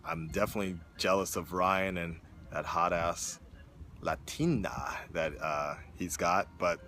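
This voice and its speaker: Talking to his viewers from a hotel room, a young streamer-vlogger rambles casually, swearing, drifting off topic and restarting often. His deep voice is bright and forceful, unhurried in pace, and there's a little hiss or hum on the recording.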